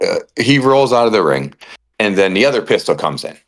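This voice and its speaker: Podcast guy ranting and swearing, lowish voice that jumps all over. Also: a little fast. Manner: animated, ranting, swears freely. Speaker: podcast co-host. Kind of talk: casual wrestling podcast chat.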